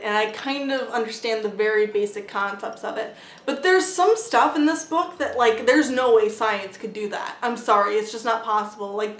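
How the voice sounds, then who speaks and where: A woman giving a casual, blunt book review vlog, chatty and full of "like" fillers, swearing freely. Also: fairly high pitch. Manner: chatty, heavy use of "like" fillers. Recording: roomy echo.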